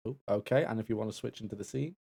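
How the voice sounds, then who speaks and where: A man co-hosting a live charity stream, chatting casually and reading out donations. His voice carries a gravelly, fry-laden texture. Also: fairly low pitch, very fast, dark tone. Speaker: stream co-host and assistant.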